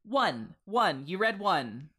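A woman podcast co-host reading a story aloud and bantering in a deadpan way. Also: medium pitch, slow pace, slightly rough.

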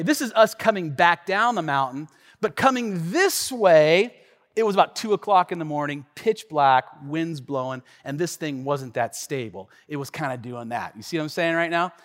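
A man preaching a sermon, telling a story in an animated, conversational way with frequent asides to the listeners. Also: a little high. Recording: long reverb of a large hall.

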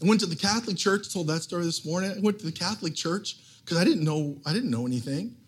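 A middle-aged male pastor preaches to a church service, spinning a personal story with self-deprecating jokes and excited restarts. His voice sits high for a man and has a husky, slightly raspy edge. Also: fast talker. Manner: animated, self-mocking, restarts when excited. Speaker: guest pastor. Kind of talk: humorous sermon storytelling.

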